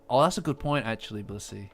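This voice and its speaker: A man hosting a live stream, chatting casually and teasing his viewers. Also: lowish voice. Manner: playful, bantering with chat.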